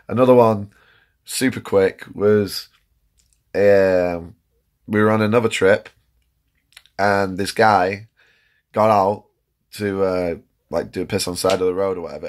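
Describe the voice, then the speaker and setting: A young man telling a casual storytime anecdote, animated, acting out his friends' lines and laughing at his own tale. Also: fairly low pitch.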